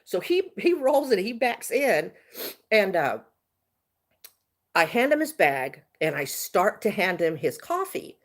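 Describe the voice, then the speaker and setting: A woman telling a story on a casual livestream, animated and chatty, laughing often. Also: mid-range voice, slow pace. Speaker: vlogger.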